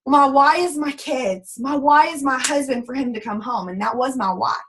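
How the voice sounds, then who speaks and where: A woman's voice: sits high, normal speed, a little hiss or hum, low-quality recording. A woman, giving a folksy, sassy motivational business training talk. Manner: sassy, folksy and animated, acts out quoted voices. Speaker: network marketing team leader.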